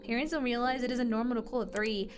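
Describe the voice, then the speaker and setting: Young woman streamer rambling to chat, lotta likes and giggles, kinda high voice, music going behind. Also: steady tone, fast talker. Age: young adult. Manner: rambling, giggly, lots of fillers.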